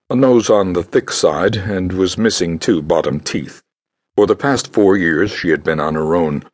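A man narrating an audiobook with a very low, deep voice. His tone is husky and a bit rough, and he reads in a measured, grave way. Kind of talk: scripted narration.

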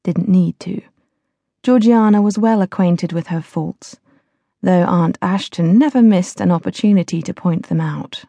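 A woman narrating a novel as an audiobook reader, in a measured, even storytelling manner. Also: lowish voice, gravelly, no room sound.

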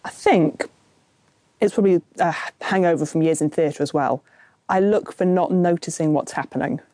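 A woman talks about her writing in a relaxed interview, wry and self-deprecating. Her voice is low and mellow, and the studio sound is dry. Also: moderate pace, dry recording. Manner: dry, self-mocking humour. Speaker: novelist guest. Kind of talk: casual interview chat.

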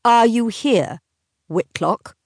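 A woman's voice: lowish voice, animated, slow, warm tone, no room sound, clean studio sound. A woman voicing an exasperated, proud young noblewoman who speaks in a clipped, indignant way.

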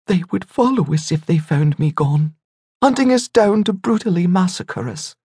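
A man voicing a grieving young mother, breathy and choked. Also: sits high, animated, normal speed, mellow, dry recording, clean studio sound, pitched above the performer's own voice, exaggerated voice. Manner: choked, pleading, tearful. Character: grieving young mother giving up her twin sons. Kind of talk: audiobook character voice.

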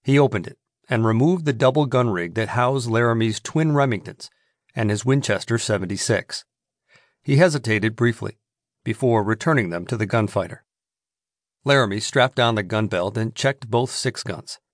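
Man narrating a western, steady and dry. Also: mid-range voice, dry recording. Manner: steady, measured storytelling. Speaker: audiobook narrator.

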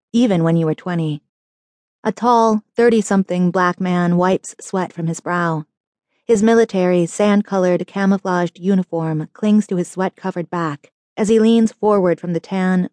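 A woman narrating a short story audiobook in an even, descriptive storytelling manner. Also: fairly low pitch, no room sound, clean studio sound. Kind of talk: scripted narration.

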